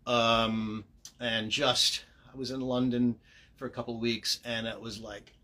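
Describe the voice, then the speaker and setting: This man's mid-range voice is level, bright, and forceful, and he keeps a measured pace. He's a voice actor signing autographs on a livestream, casually describing what he's doing step by step and cracking self-deprecating jokes in a chatty way.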